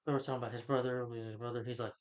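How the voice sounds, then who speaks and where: A man retells a film's story in loose, casual talk, stumbling over names and correcting himself. His voice sits at an ordinary middle pitch. The recording sounds muffled and lo-fi. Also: flat delivery, very fast. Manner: rambling, many fillers and self-corrections. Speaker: film reviewer. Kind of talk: casual movie plot recap.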